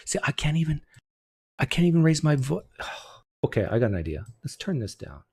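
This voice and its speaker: A man's voice: medium pitch, sing-song, brisk, darkish tone, slightly rough. Sarcastic man troubleshooting his mic live. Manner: sarcastic, joking while fixing mic settings. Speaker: host. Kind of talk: casual livestream chat. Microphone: desktop streaming mic.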